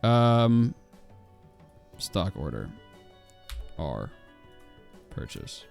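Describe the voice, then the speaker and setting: A man's voice: on the low side, sing-song, extremely slow, gravelly, darkish tone, soft background music. A man in his twenties ranting casually on a livestream while he plays a game, swearing a lot and full of fillers and restarts. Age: 20s.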